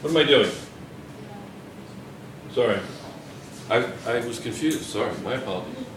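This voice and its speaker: A man's voice: mid-range voice, lively intonation, moderate pace, far from the mic, background noise. A male chemistry teacher lecturing a class, repeating questions and calling on students by name. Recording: echoey classroom.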